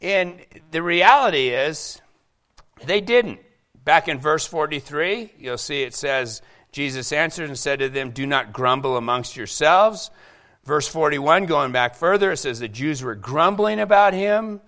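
A man from Seattle preaching a sermon, lively and acting out the quoted voices. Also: a little high, unhurried. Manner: animated, acts out quoted voices. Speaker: pastor.

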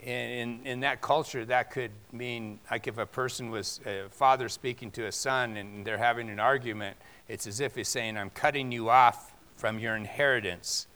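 A man preaching a sermon with a bright, forceful voice. He talks in a loose, conversational way and then leans hard into emphatic points. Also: medium pitch, fairly even intonation, normal speed, few pauses. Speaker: pastor.

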